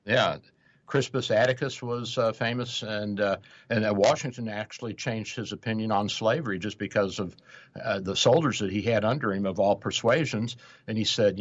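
A man's voice: on the low side, moderate pace, dull audio. A male radio show host in casual talk, rambling with many hesitations and acting out quotes.

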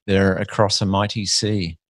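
A middle-aged man with an Australian accent hosts a relaxed, chatty interview. His voice sits fairly low and sounds close and dry, with little room around it. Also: unhurried, no echo. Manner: friendly, says "mate". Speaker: podcast host. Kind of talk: casual interview chat.

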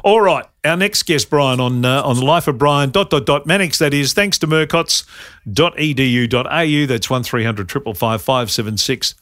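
An Australian man hosts a podcast in a loose, chatty way, wandering into asides and laughing easily. His voice sits at an ordinary middle pitch. It is recorded close and dry, with no room sound. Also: moderate pace, a bit bright, no room sound. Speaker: podcast host. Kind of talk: casual chat.

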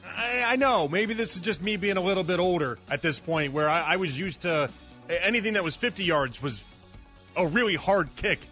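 A sports radio host talks in an easy, conversational way, restarting his sentences as he goes. His voice sits high and sounds bright. The audio is a little muffled, with faint music running underneath. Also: normal speed. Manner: conversational, repeats words when starting thoughts.

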